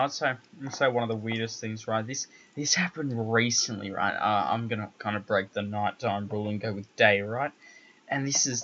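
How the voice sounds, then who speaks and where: A young man, co-hosting a podcast, tells an animated story. His voice sits a little low but sounds bright and forceful. The call audio is dull and lo-fi. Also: slight background noise. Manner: animated storyteller, swears a lot, keeps saying "right?". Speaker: podcast co-host. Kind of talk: casual chat.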